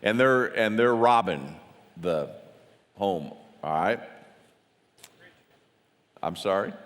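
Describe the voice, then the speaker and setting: A man teaches a Bible study to a gathered audience, chatting loosely and quizzing them as he goes. His voice sits fairly low and he often trips and restarts his words. The sound rings out with the long reverb of a large hall. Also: animated, slow, fairly bright tone.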